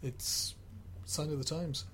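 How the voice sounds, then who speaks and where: A man's voice: a little high, fairly even intonation, slow pace, fairly bright tone, a little hiss or hum. A man chatting on a radio football panel in an easygoing, rambling way with many fillers. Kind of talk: casual radio chat.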